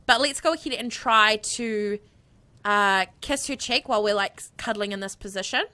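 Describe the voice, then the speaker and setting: A woman giving bubbly, gushing let's-play commentary on a USB condenser microphone, often squealing with excitement. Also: medium pitch, moderate pace. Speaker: gaming video creator.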